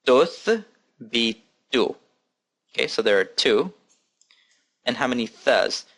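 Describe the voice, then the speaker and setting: A man teaching an Arabic lesson, repeating each word slowly and patiently and counting its letters aloud. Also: mid-range voice, creaky, a bit bright. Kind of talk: recorded language lesson.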